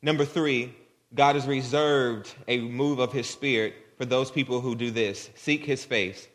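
A man's voice: mid-range voice, fairly even intonation, measured pace, fairly bright tone. A man preaching a sermon to a congregation, earnest and conversational, speaking directly to them. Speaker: guest preacher. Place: church sanctuary. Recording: long hall reverb.

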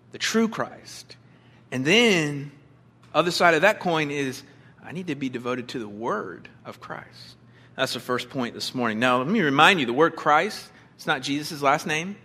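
Bright, emphatic male preacher. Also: fairly high pitch. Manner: emphatic, conversational preaching with rhetorical questions. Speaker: pastor. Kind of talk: sermon.

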